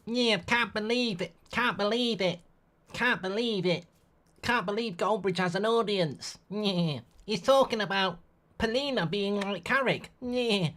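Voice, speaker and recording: Man doing a nasal sneering football snob, squeaky high voice, mocking, repeats himself. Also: measured pace, bright, forceful tone. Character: high-pitched sneering male football know-it-all.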